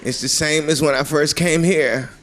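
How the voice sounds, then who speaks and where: A man doing a stand-up routine in a comedy club, rambling loosely and breaking into shouted high-pitched bits. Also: steady tone, normal speed. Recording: live club recording with audience laughter and noise.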